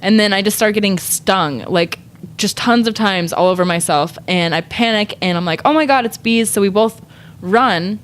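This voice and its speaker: A woman's voice: medium pitch, moderate pace, a little hiss or hum. A young woman, a guest artist on a podcast, telling a rambling story in casual chat, full of "like" and laughing often.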